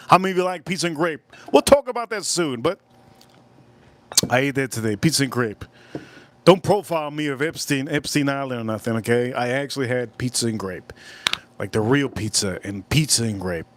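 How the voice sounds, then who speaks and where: Rambling man chatting on a live stream. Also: medium pitch. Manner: rambling storyteller, slangy and loose. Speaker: livestream host, whiskey reviewer. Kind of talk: casual rambling livestream chat.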